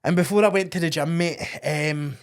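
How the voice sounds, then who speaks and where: A man's voice: fairly high pitch, moderate pace, clear, resonant tone. Laughing young Scottish man telling stories. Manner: sweary, laughing storyteller who says "mate" often. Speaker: podcast co-host. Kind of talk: casual storytelling chat.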